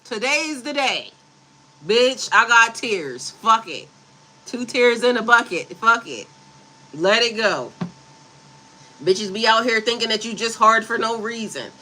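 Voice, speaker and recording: A woman's voice: on the high side, lively intonation, measured pace, long pauses, pushed and bright, slight background noise, poor audio. A woman spiritual coach talking casually on a livestream, reading affirmations and breaking into blunt, profane asides.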